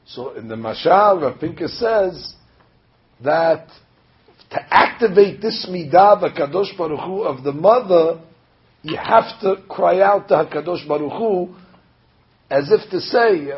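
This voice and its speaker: A man, a rabbi, preaching a sermon with animated storytelling, acting out the voices he quotes. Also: sits high, moderate pace. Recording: dull lo-fi recording.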